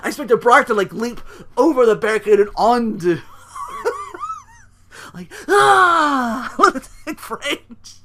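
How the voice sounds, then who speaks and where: A man hosting a casual solo podcast, recapping wrestling with excitement, laughter and quick put-on voices. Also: extremely high pitch, slight background noise. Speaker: podcast host.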